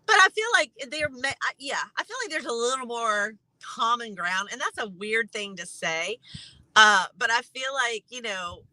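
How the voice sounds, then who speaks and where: A woman giving her take in a casual panel chat, chatty and quick to laugh. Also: a little high, expressive, pushed and bright, dry recording, low-quality recording. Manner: chatty, laughs often, loose phrasing. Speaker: panel guest.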